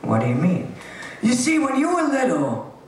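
A woman's voice: mid-range voice, huge pitch swings, moderate pace, distant mic, a little hiss or hum. A woman voicing a worried, middle-aged Italian-American mother in a stand-up set. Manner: pleading, worried. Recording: roomy club heard from afar, loud crowd.

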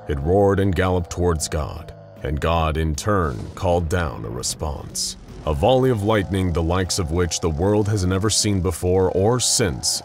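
A man with a very deep voice tells a scripted story, pacing it for drama. A faint music bed plays beneath his narration.

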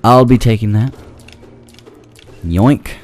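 A man's voice: fairly low pitch, slow, darkish tone. A man giving goofy gameplay commentary, talking back to the enemies on screen, yelping and pleading with them when the fight goes badly. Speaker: let's play commentator.

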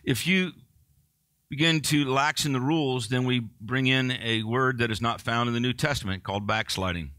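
A man's voice: mid-range voice, steady tone, moderate pace, bright, forceful tone, no room sound. A male pastor preaching a sermon in a conversational way, joking and poking fun at himself.

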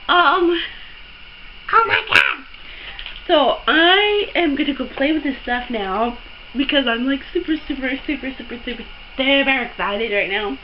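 A young woman unboxing a surprise package on her vlog, gasping and gushing over every item in breathless excitement. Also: high voice, moderate pace, dull audio, a little hiss or hum. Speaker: beauty vlogger.

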